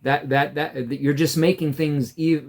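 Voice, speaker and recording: A man's voice: on the high side, steady tone, moderate pace. A man vlogging, telling a story of a quarrel in an aggrieved, rambling way, with many fillers and restarts. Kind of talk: casual storytelling to camera.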